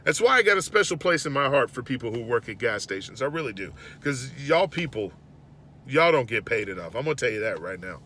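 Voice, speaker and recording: A man's voice: mid-range voice, fairly quick, slight background noise. A man hosting his show, telling an exasperated everyday story in a casual monologue. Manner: animated, exasperated storytelling with rising outbursts. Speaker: host.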